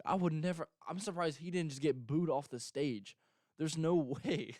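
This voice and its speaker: A man's voice: fairly high pitch, normal speed, a little mellow, no echo, clean studio sound. A young man hosting a casual show, rambling through events with lots of fillers and mocking quotes. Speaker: show host. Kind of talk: casual chat.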